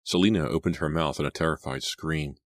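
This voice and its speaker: A man narrating a horror audiobook in a measured, suspenseful read on a close mic. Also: very deep voice, no echo.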